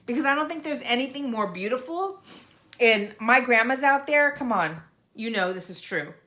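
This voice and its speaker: A woman's voice: fairly high pitch, animated, normal speed, pushed and bright. An older woman and grandmother, talking straight to her viewers in an earnest, encouraging vlog pep talk. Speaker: vlogger. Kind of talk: heartfelt motivational vlog talk.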